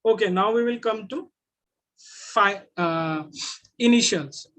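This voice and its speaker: A man with an Indian English accent teaching Mandarin sounds in an online class, repeating each sound slowly. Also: high-pitched, fairly bright tone.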